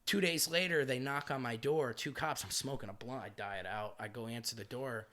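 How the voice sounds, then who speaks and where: A man's voice: medium pitch, fairly quick. A man in his thirties with an American accent, a comedian and podcast guest telling a long story casually, swearing freely and acting out the voices of the people in it. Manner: animated, swearing, acts out quoted voices.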